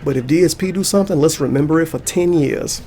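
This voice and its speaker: A man's voice: a little high, fast talker, warm tone, soft background music. A man giving an angry reaction commentary for his channel, ranting heatedly and swearing a lot. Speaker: YouTuber and streamer.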